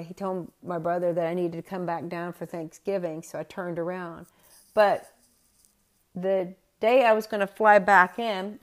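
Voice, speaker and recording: A middle-aged woman telling a personal story in a chatty podcast style, correcting herself as she goes. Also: on the low side. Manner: conversational, with self-corrections. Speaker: podcast host.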